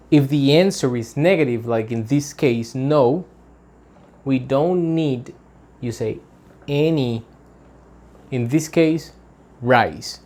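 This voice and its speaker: A man's voice: on the high side, a little mellow. A man teaching an English pronunciation lesson, explaining patiently, repeating example sentences and checking in with "right?".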